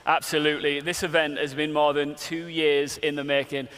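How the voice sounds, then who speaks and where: Bright-voiced upbeat male esports host. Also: fairly high pitch, little pitch movement, normal speed. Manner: upbeat, playful, hyping the crowd. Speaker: event host. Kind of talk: live esports broadcast hosting. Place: large historic hall at a live event. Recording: echoey hall with long reverb.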